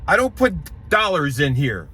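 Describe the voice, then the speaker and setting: A man vlogging about a stalker while he travels, anxious and full of questions, sometimes muttering low and sometimes breaking into excited high bursts. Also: moderate pace, slightly rough. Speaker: paranormal vlogger. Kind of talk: vlog narration, talking to camera. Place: in and around his car on a road trip. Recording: noisy background, car and road sounds.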